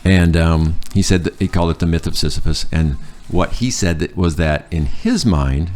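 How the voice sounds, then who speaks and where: A man casually telling stories about his old job, profane and animated, bursting into loud acted-out quotes. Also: deep voice, moderate pace. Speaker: podcast guest. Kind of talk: casual storytelling chat.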